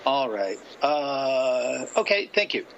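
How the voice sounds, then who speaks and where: A man's voice: mid-range voice, sing-song, takes it slowly, vocal fry, fairly bright tone. A man, a reporter, pressing officials with detailed follow-up questions at a press briefing. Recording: muffled remote audio with faint noise.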